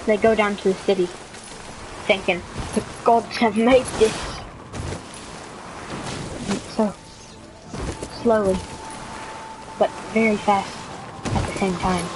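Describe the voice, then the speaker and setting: Slow, deadpan woman narrator. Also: medium pitch, background noise. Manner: deadpan, absurd humor. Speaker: video creator. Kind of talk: mock nature documentary narration.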